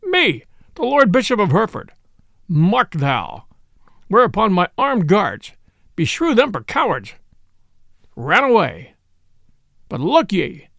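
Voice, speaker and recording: A man's voice: a little high, no echo, studio quality, full character voice. A man voicing a pompous, indignant bishop in an audiobook reading, huffy and affronted. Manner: huffy and affronted, rising to shouts. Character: pompous, indignant male bishop of middle age.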